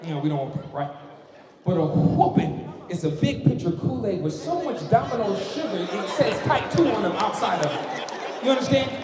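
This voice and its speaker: A man performing a stand-up comedy set, punchy and animated, tossing rhetorical asides to the audience. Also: high voice, moderate pace. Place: comedy festival stage before a live audience. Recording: echoey hall, crowd laughing.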